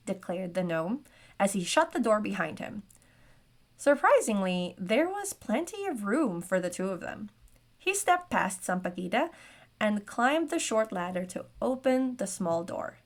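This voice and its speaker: A woman's voice: medium pitch, big pitch swings, moderate pace. A woman narrating a solo tabletop game as game master, with chatty, self-aware asides.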